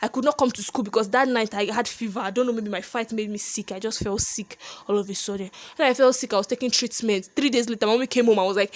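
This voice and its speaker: Young woman, slightly high voice, animated casual vlog storytelling. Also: fast talker, hardly any pauses. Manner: lively, animated storytelling with laughs. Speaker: vlogger.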